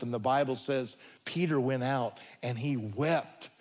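A male preacher delivering a sermon, telling stories with folksy humor and dramatic pauses. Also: mid-range voice.

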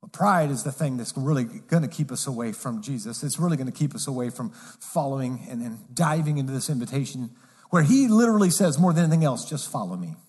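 A pastor preaching in a casual, conversational way, dropping to a low, soft voice for emphasis. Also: male voice, quick pace, breathy edge, big-room sound. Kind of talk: sermon.

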